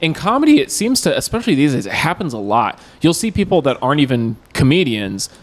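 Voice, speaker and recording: A man co-hosting a podcast in casual chat, rambling and laughing often, his pitch jumping up when he gets excited. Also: fast. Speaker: podcast co-host.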